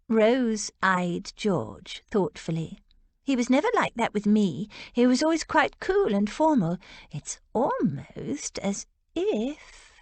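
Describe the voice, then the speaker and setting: A woman narrating an audiobook in an expressive, measured way. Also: medium pitch, no echo.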